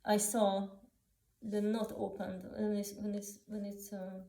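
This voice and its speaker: A woman telling personal memories unscripted, halting with many restarts, fillers and non-native grammar. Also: medium pitch, level tone, mellow, reverberant, low-quality recording. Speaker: author sharing personal memories.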